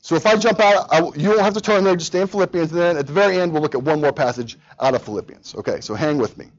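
A pastor preaching a sermon, talking straight to the congregation and to the children, in a lively, animated way. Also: male voice, on the high side, fast, muffled recording. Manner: animated, speaks directly to children.

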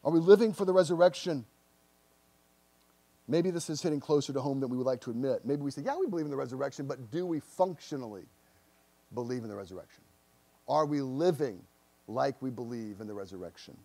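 A man's voice: mid-range voice, lively intonation, a little fast, long pauses, dark tone. A man preaching a sermon to his congregation as pastor, earnest, often repeating words and putting searching questions to the listeners. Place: church.

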